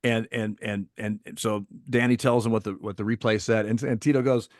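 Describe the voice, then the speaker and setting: Low-voiced man spinning an animated story. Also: fast talker, dry recording, clean studio sound. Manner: animated storyteller, acts out quoted people. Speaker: retired umpire guest. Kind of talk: casual storytelling chat.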